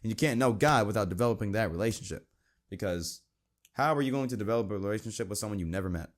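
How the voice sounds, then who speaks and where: A young man hosting a Christian podcast, talking earnestly and casually and reading verses aloud. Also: fast talker. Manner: earnest, conversational, quotes scripture, mimics friends in a high voice. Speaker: podcast host.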